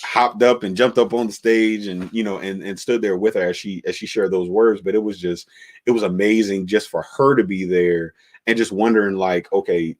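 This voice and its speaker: A man, a pastor, telling the story of his church's beginnings in a relaxed conversational way, with many fillers and restarts. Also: on the low side, normal speed.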